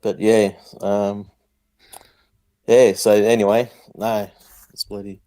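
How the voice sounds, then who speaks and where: A man's voice: on the low side, level tone, takes it slowly, dark tone, dry recording. A man with an Australian accent chatting casually as a caller, hesitant with many ums. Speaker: viewer calling in. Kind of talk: casual chat.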